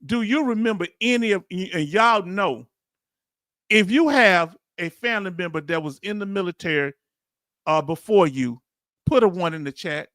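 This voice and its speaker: A man hosts a livestream commentary, his voice high and bright. He talks in casual slang, animated and preachy, calling on the viewers in his chat. The sound is dry and close. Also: normal speed, dry recording. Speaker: channel host.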